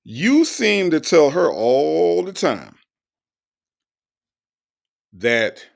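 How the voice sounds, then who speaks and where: A man's voice: a little high, sing-song, drawn-out words, creaky. A man hosting a show, mocking and emphatic as he reacts to recorded calls and reads viewer comments aloud.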